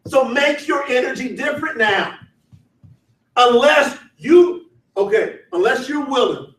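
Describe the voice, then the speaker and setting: A man leading a motivational sales training, shouting, laughing and getting the crowd to answer back. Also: very high voice, animated, measured pace, pauses often. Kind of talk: motivational seminar talk. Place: large event hall. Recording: echoey hall, voice from far off.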